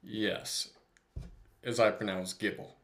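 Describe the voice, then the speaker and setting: A man's voice: fairly low pitch, steady tone, takes it slowly, fairly bright tone. A young man co-hosting a casual chat show, playful and giggling often. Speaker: podcast co-host.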